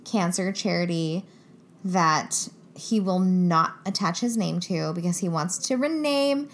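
A woman's voice: on the low side, fairly even intonation, unhurried. A young woman co-hosting a podcast in casual chat, giggly and chatty, often trailing off mid-sentence. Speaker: podcast co-host.

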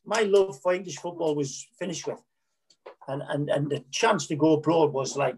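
A middle-aged man with a fairly high, husky voice recounts his playing days. He speaks frankly and rambles, backtracking to correct himself and stumbling over repeated words. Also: moderate pace. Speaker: former footballer, interview guest. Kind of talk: candid anecdotal storytelling.

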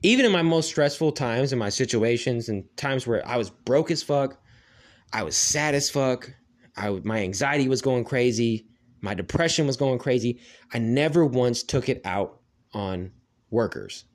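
A man's voice: mid-range voice, lively intonation, normal speed. Profane rambling man ranting. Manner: profane, rambling, heavy "like" fillers. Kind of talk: casual ranting monologue.

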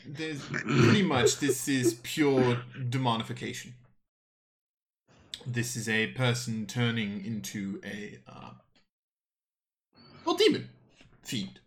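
A man's voice: medium pitch, sing-song, slow, pauses often. A man running a tabletop game as game master, talking in a casual, rambling, crude way.

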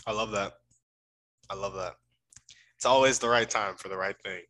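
Enthusiastic host with a bright, low voice. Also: male voice, fairly even intonation, moderate pace, poor audio. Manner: enthusiastic and affirming. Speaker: podcast host. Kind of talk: interview questions.

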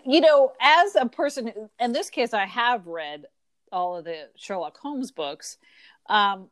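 A woman co-hosting a podcast, chatting casually and quick to laugh at herself. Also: medium pitch, dry recording. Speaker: podcast co-host. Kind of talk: casual chat.

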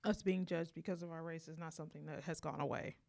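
A woman's voice: low voice, fairly even intonation, quick pace, vocal fry, a little mellow. A middle-aged woman in a casual, reflective conversation, thinking aloud and often saying "like". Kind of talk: casual chat.

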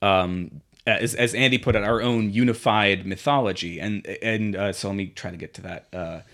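A man's voice: fairly low pitch, steady tone, normal speed, a bit bright. Rambling man in casual chat. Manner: rambling, restarts often, swears casually. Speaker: podcast co-host.

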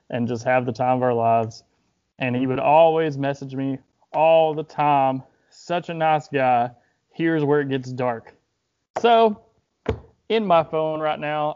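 A man's voice: mid-range voice, darkish tone. Rambling young man, slightly muffled. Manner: rambling, heavy use of filler "like", frequent swearing. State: grieving, holding back tears. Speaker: podcast host, wrestler. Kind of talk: casual podcast talk.

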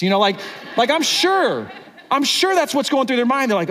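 A man's voice: very high-pitched, big pitch swings, fast, fairly bright tone. Casual, conversational man preaching a sermon. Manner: casual, conversational preaching with many "like"s, acting out the disciples' thoughts. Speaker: pastor.

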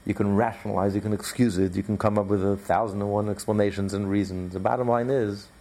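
Low gravelly male Torah teacher. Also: steady tone, quick pace, warm tone. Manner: emphatic, repetitive, conversational with fillers. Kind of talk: recorded Torah class.

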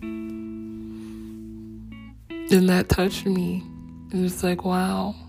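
A woman telling a personal family story in a slow, subdued and reflective way. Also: on the low side, lively intonation, creaky. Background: soft acoustic guitar music.

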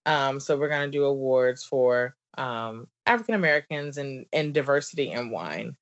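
A woman's voice: rumbling low, lively intonation, normal speed. A woman in her thirties with a Southern accent, a podcast guest talking in a bubbly, chatty way with frequent laughs and likes. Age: 30s. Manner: bubbly and talkative, laughs often, many likes and ums. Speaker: podcast guest, business coach. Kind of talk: casual interview chat. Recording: dull lo-fi remote audio.

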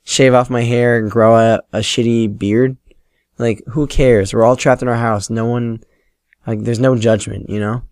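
A man's voice: medium pitch, steady tone, measured pace, a little mellow, clear, resonant tone, dry recording, clean studio sound. A man in his late teens hosting a solo podcast, telling rambling, self-deprecating stories and swearing freely. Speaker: podcast host. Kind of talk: casual solo podcast storytelling.

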